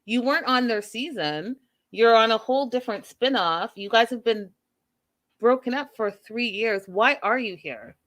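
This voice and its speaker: A woman hosting a podcast, giving an animated, emphatic, chatty recap of a reality show. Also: fairly high pitch, moderate pace. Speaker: podcast host. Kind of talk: casual TV recap commentary.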